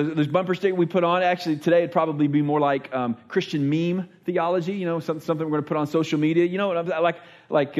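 Pastor guy preaching casual style, kinda high voice, stumbles and restarts a lot. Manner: earnest, repeats words while restarting thoughts; acts out quoted speech with voices. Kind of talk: conversational sermon.

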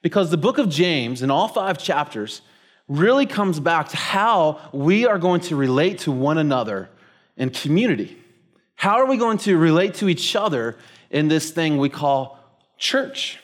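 A man preaching a sermon in a relaxed, storytelling way. His pitch swings widely and sits a touch high. He sprinkles his talk with fillers as he builds toward his point. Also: unhurried. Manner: casual storytelling with many fillers. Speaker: pastor.

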